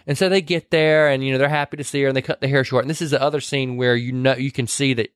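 A man's voice: mid-range voice, fairly even intonation, fast talker, clean tone, no echo, studio quality. A man in casual chat, retelling a film scene by scene and acting out quoted lines. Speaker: podcast co-host recapping a film.

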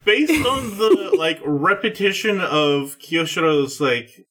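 A man with a bright, tense voice speaks slowly in a casual podcast chat. He recaps the episode with dry, wry remarks. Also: fairly high pitch, expressive.

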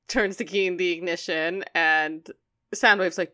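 A woman's voice: on the low side, measured pace. A woman co-hosting a podcast, casually recapping a cartoon episode and acting out the characters' lines. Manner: animated, acts out quotes. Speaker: podcast co-host.

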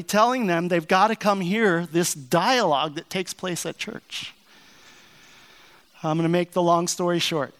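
Middle-aged American man, pastor preaching with a story; fairly high, clear voice, earnest and folksy. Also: fairly bright tone. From United States. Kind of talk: sermon with personal story.

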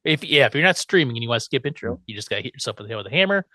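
A man hosts a relaxed podcast chat, his voice jumping around in pitch as he recaps scenes. He laughs often and drops into quick put-on voices for the characters. The sound is dry and close to the mic. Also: no echo. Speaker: podcast host recapping an episode. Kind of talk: casual chat.

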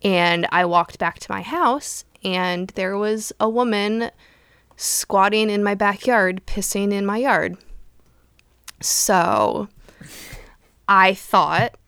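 A woman co-hosting a podcast in casual chat, an animated storyteller who swears freely. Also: medium pitch, slow, creaky, smooth, no room sound, studio quality. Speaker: podcast co-host.

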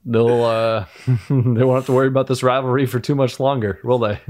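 Male co-host, relaxed recap talk, measured and wry delivery, mid-pitched voice. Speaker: podcast co-host. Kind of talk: casual recap chat.

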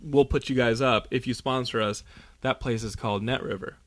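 A man's voice: medium pitch, fairly even intonation, a little fast, a bit bright, slight background noise. A man co-hosting a podcast in casual chat, rambling and jokey, often stumbling over his words. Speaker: podcast co-host.

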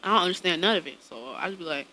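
Animated, bright-voiced woman telling stories. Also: lowish voice, very fast, no room sound. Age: adult, parent of a young son. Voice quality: profane, blunt humor. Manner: animated storytelling, laughs often, acts out quotes. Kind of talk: casual chat.

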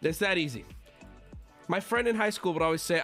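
A man in his thirties ranting to his stream chat, exasperated and loud, mocking people in whiny voices. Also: on the high side, normal speed, faint music behind.

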